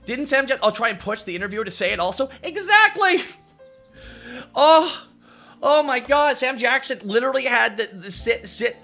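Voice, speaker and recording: A young adult man streaming, ranting casually in a profane, animated way and laughing often. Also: extremely high pitch, creaky. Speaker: VTuber streamer. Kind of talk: casual livestream rant.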